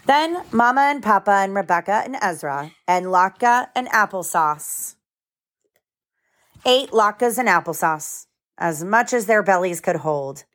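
A woman's voice: medium pitch, lively intonation, a little slow, fairly bright tone. A woman in her thirties reading a picture book aloud to her children at home, stopping to explain the story in plain words.

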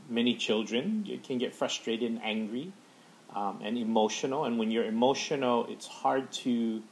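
A man, a father, giving a calm breathing practice tip as a podcast guest, speaking slowly with many fillers. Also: on the low side, slight background noise, rough recording. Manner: slow, calm, halting with fillers.

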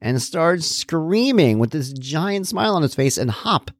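A man's voice: on the high side, very animated, a little slow, dry recording. A man hosting a solo talk, reflecting conversationally with many asides and restarts. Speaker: podcast host, parent.

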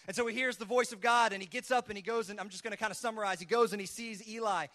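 A man with a high, bright voice preaches a casual, conversational sermon. He tells the story in an easy, chatty way and drops into lively acted asides. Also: very fast. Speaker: pastor.

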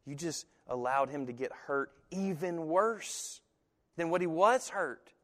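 A man preaching a sermon who tells stories in an animated way and slips into other people's voices when he quotes them. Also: fairly high pitch, slow, long reverb tail. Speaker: pastor.

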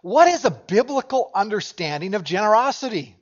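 A man's voice: sits high, very animated, brisk, lo-fi sound. A man preaching a sermon as pastor, talking in a conversational way and asking his congregation questions. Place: church sanctuary.

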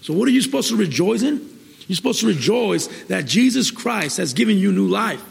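A male preacher with a high, lively voice and a gravelly edge delivers an exuberant sermon. He laughs and calls out praise between points, then reads scripture with slow care. The sound rings with long reverb, like a big hall. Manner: reads scripture slowly and deliberately.

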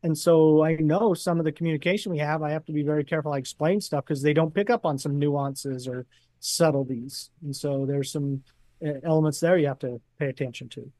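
Podcast guest, male, methodical explainer, slightly high pitch, dry sound. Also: fairly even intonation, a little fast, mellow, no echo. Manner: explains points in a numbered list. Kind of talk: casual chat.

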